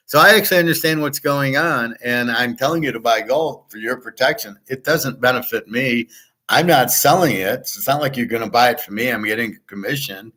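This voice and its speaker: A man's voice: medium pitch, brisk, sharp tone. A man in the middle of his usual range rants off the cuff as the host of his own show. He is blunt and scornful and swears freely. He acts out both sides of his own stories. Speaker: sports handicapper and show host. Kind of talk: unscripted ranting monologue.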